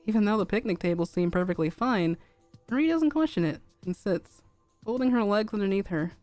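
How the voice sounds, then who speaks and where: A young woman streamer narrating a fanfic aloud in a calm, even reading. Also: medium pitch, brisk, soft background music.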